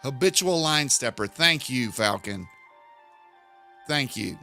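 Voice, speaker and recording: A man hosting a live stream, hoarse with his voice almost gone, mocking and laughing. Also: mid-range voice, animated, takes it slowly, pushed and bright, faint music behind. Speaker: streamer host.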